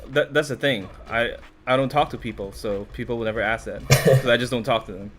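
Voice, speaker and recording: A man's voice: medium pitch, brisk, a bit bright. A man hosting a live stream, chatting casually with his moderators. He laughs often and restarts his words. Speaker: streamer host.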